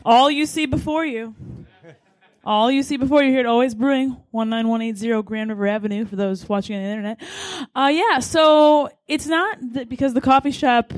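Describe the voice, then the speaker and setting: Chatty woman pitching a sale. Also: fairly quick, no echo. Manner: chatty and candid, joking. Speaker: coffee shop owner. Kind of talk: informal sales pitch.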